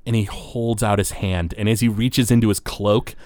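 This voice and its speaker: A man's voice: on the low side, steady tone, moderate pace, a little mellow, dry recording. A man narrating as game master, loosely and with many fillers.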